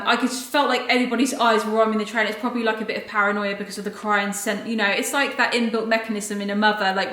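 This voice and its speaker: A mother vlogging at home, telling a story to her viewers in a chatty, animated way. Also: a little high, roomy sound. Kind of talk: casual vlog storytelling. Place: London home, indoors.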